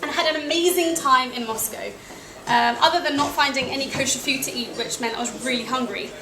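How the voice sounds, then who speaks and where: Young English woman, high voice, dry self-mocking storyteller at a cafe event, roomy and noisy. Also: fairly quick, crowd noise. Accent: British English. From England. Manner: wry, self-deprecating, with small laughs. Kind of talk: personal travel story told to an audience. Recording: echoey cafe with noisy ambience.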